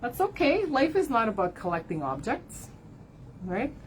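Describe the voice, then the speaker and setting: A woman's voice: on the high side, sing-song, moderate pace, slight background noise, low-quality recording. A woman giving a card reading to her followers, talking candidly, swearing and often tagging her sentences with "right?", at times close to tears. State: tearful at times. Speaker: card reader and spiritual advisor. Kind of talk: emotional livestream talk to followers.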